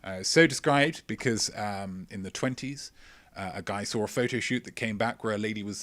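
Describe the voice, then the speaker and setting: A man's voice: on the low side, moderate pace, a bit bright, no echo. A man hosting a live-streamed quiz, reading out viewers' answers with chatty, self-mocking jokes. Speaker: quiz show host.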